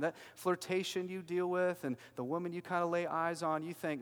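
A man preaching a sermon as a pastor, emphatic and swinging from loud declarations to hushed lines. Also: on the high side, fast, hardly any pauses, in a large hall.

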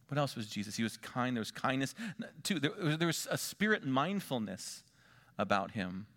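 Lively, emphatic male preacher. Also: medium pitch. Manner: emphatic, asks the congregation repeated rhetorical questions; swings between loud stress and hushed, drawn-out words. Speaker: pastor. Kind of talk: sermon.

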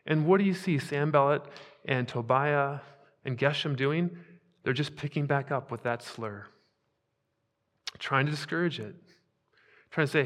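Male pastor, slightly higher voice, emphatic sermon delivery, long hall reverb. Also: measured pace, long pauses. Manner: emphatic preaching, swings between hushed and loud.

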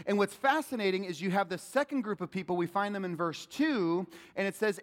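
A man preaching a sermon as a pastor, animated and calling out questions to the congregation. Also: sits high, a little fast, few pauses. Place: church sanctuary. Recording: long hall reverb.

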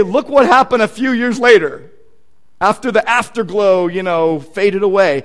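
A man's voice: high voice, lively intonation, normal speed. A male pastor preaching a sermon in a conversational, emphatic way, with casual asides to the congregation.

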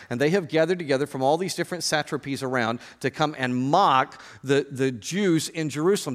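A male pastor giving a sermon, lively and joking as he addresses the congregation directly. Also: on the high side, big-room sound.

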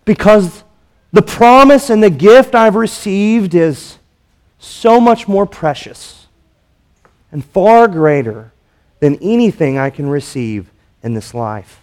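A man delivering a sermon from the pulpit, his voice sitting high for a man. He takes his time, unhurried and measured, and keeps asking the congregation rhetorical questions. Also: lively intonation. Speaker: pastor.

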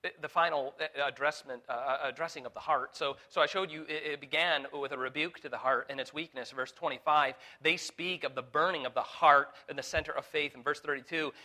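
A man preaches a sermon in a bright, forceful voice pitched a little high. He builds from quiet, searching questions to fervent peaks, and he stumbles over restarts and fillers as he goes. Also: fairly even intonation, a little fast, few pauses. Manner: preaching with rising intensity, voicing Jesus in quotes. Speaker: pastor.

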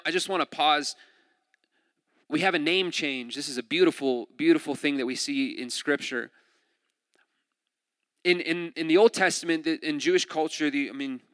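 A man's voice: on the high side, bright, forceful tone, dry recording. A young man preaching a casual, conversational sermon, joking and laughing often and restarting his sentences. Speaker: pastor.

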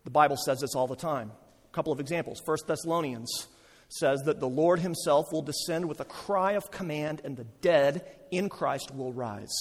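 Man preaching, a bit high-voiced, rising to passionate refrains, long hall reverb. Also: moderate pace. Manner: builds to impassioned repeated refrains. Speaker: pastor. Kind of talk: sermon.

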